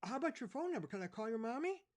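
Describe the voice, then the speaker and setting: A man's voice: extremely high pitch, very animated, racing, voice pushed up. Man doing a kindly fumbling policeman. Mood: coaxing. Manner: hesitant, stammering, gentle.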